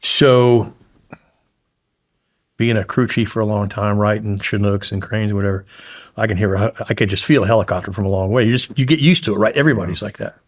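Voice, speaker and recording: A man's voice: lowish voice, a little fast. A man guest in an interview, blunt and profane, intensely retelling a frightening story.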